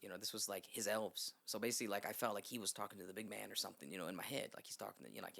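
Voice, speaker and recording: With a fairly low, vocal-fried voice, a man races through a long story as a podcast guest, barely pausing at all. He's casual, rambling and animated, swearing freely and acting out dialogue, recorded in a podcast studio.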